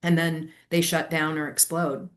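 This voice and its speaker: A woman in her forties, a former educator, explaining ideas in a lively conversational interview. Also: low-pitched. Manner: animated storytelling with quick asides. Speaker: guest, leadership strategist and former educator.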